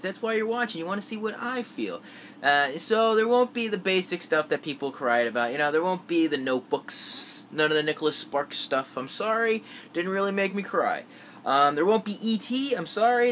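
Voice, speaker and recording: A young man riffs chattily to his camera, lively and animated, now and then putting on a higher voice to play a doubtful viewer. His voice is bright and forward, with a faint hum of room noise underneath. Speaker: vlogger. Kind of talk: casual movie-list vlog.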